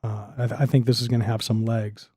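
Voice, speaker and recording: Enthusiastic man, mellow voice. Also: medium pitch, flat delivery, slightly rough. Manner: enthusiastic, talks fast with restarts. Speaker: podcast guest. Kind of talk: casual podcast chat.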